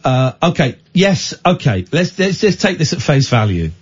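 A man's voice: on the high side, big pitch swings, moderate pace, slightly rough. A man hosting a late-night radio phone-in, teasing callers and laughing often. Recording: slightly dull radio broadcast.

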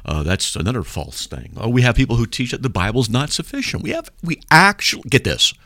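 A man hosting live call-in talk radio at a studio microphone, emphatic and animated as he preaches. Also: mid-range voice, a little fast, dry recording. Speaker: radio talk show host.

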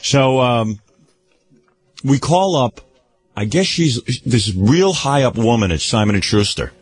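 A male radio host recounts a story in a lively, swooping voice, often breaking into laughter. He acts out every quoted person himself. It has the sound of a radio broadcast. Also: mid-range voice, measured pace, husky, soft background music.

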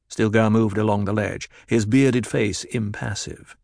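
A man's voice: fairly low pitch, steady tone, unhurried, creaky, hardly any pauses, a little mellow, no room sound. Man narrating a novel in a dry, close sound. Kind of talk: scripted audiobook narration.

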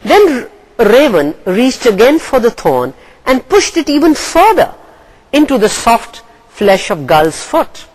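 A woman from Pakistan, an English lecturer reading a story aloud and then going over comprehension questions in a deliberate, expressive way. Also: fairly high pitch, poor audio.

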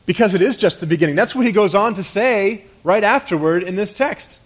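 Man preaching, slightly high voice. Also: expressive, a little fast. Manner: conversational preaching with rhetorical questions and soft drops at phrase ends. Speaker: pastor. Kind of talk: sermon.

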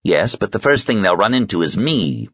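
A male narrator voicing a confident male investigator who talks smoothly and persuasively, with a husky voice. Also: on the low side, sing-song, moderate pace, fairly bright tone, no room sound, pitched above the performer's own voice, full character voice. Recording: slightly muffled sound.

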